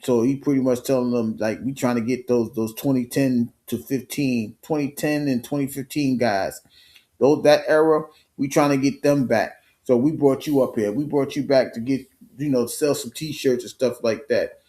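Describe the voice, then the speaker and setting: Man, live stream host, casual sports chat, animated, slangy, swears, mid-pitched voice. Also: normal speed.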